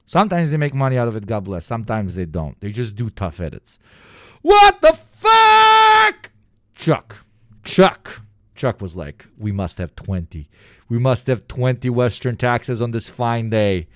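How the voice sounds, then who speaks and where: A man live-streaming a video reaction, chatting casually, joking and swearing, jumping from loud outbursts to low mutters. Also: moderate pace, dry recording, studio quality. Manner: loud, swearing, jokey, swings between shouting and muttering.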